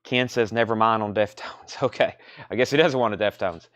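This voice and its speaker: A man hosting a live record sale, quickly calling out prices and reading buyer comments, a little out of breath. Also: fairly low pitch, a bit bright, dry recording. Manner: fast, running price calls and reading comments. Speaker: record store host selling live. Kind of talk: live sales stream chat.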